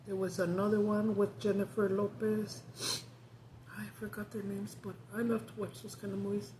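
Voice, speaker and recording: A woman's voice: medium pitch, level tone, fairly quick, background noise. A woman chatting casually as a vlogger, talkative, swearing freely and laughing often. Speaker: mukbang vlogger. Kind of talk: casual chat.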